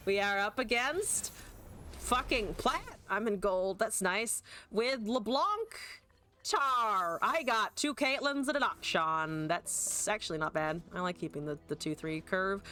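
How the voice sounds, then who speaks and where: A woman's voice: medium pitch, pushed and bright. A woman streamer chatting casually and joking at her own expense while she plays a card game, swearing now and then. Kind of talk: casual gameplay commentary.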